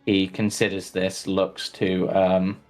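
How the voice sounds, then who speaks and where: A man's voice: low voice, monotone, slow, faint music behind. A man narrating as game master in a tabletop game, hesitant and full of ums while describing scenes.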